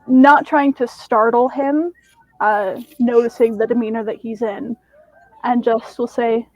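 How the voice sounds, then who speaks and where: Gentle high-voiced woman player. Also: fairly even intonation, measured pace, no echo, muffled recording. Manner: gentle, coaxing. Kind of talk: in-character play at a tabletop game.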